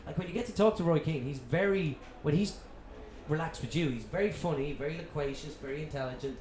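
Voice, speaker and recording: An Irish radio presenter, guesting on a live comedy chat show, tells animated anecdotes and swears freely, his voice a little high and his pace quick. The comedy club room is echoey, with audience noise from the live crowd.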